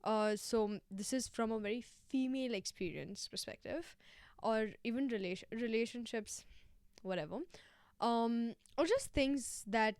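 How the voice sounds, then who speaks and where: A woman's voice: on the high side, a little slow, dry recording. Chatty young woman podcaster, dry sound. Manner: chatty, animated, slangy. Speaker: podcast host. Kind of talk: casual solo podcast chat.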